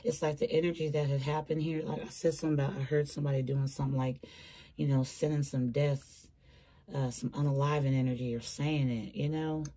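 A woman's voice: deep voice, flat delivery, a little fast, dark tone. A woman giving a casual, chatty tarot reading from her small bedroom, talking straight to her viewers in slangy terms. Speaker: tarot reader.

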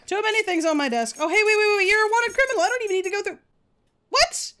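A woman hosting a video game let's play, excitable and quick to yell and swear at the game. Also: extremely high pitch. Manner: excitable, yelps and shouts at the game; swears freely.

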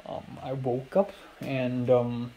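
A young man records a casual video diary in his apartment, wandering through the day's events with plenty of fillers and quoted dialogue. His voice sits at an ordinary middle pitch. A faint noise runs under the room. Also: monotone, slow pace, mellow, poor audio. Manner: rambling, filler-heavy retelling with acted-out quotes. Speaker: vlogger. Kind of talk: casual diary-style storytelling.

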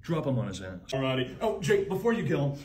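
A young man performing one-man comedy sketches, switching between sarcastic, shouting and soft-spoken characters. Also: mid-range voice, big pitch swings, fast talker.

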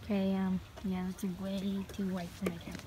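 A woman's voice: medium pitch, little pitch movement, a little fast, background noise. Jumpy woman muttering on a forest trail. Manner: jumpy, swears often, mutters half under her breath. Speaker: vlogger. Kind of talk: nervous solo walking vlog. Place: outdoors on a wooded trail. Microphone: phone held in hand.

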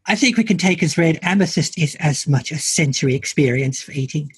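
A woman's voice: low voice, animated, a little fast, breathy edge, no room sound. A woman co-hosting a podcast, talking things through in a thoughtful, analytical way. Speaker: podcast co-host. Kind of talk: casual chat.

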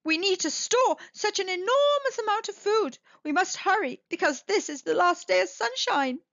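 Woman reader doing a high, panicky cartoonish beaver, lively and urgent. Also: highs cut off, full character voice. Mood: alarmed. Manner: high, hurried pleading. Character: frantic small male beaver, breathless and urgent.

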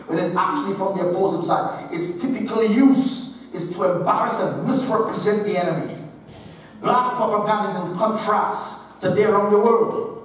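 A man preaching a sermon, emphatic and repeating phrases for stress. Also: sits high. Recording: echoey hall, distant mic, faint hiss.

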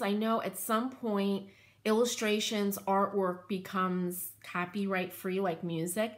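A woman hosting a craft channel, chatting casually and gushing with enthusiasm while rambling through asides. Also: mid-range voice. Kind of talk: casual show-and-tell chat.

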